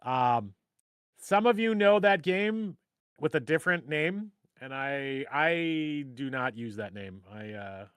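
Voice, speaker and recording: A middle-aged man hosts a casual live stream in a slightly high voice. He rambles, jokes at his own expense and circles back on his thoughts. The sound is dry and close. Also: lively intonation, takes it slowly, fairly bright tone, clean tone, no echo. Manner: rambling, joking, self-deprecating. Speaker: host.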